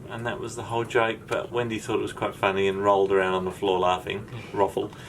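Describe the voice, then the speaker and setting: A man with a fairly low voice talks casually on his sailboat, rambling along with plenty of ums as he hosts his vlog. A faint hiss of noise sits under the recording. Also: flat delivery, quick pace. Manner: rambling, chatty, with many ums. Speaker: vlog host.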